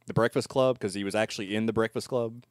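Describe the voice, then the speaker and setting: A man's voice: lowish voice, fairly even intonation, quick pace, dry recording, clean studio sound. A man co-hosting a casual movie podcast, rambling through a story with many fillers. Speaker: podcast co-host. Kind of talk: casual chat.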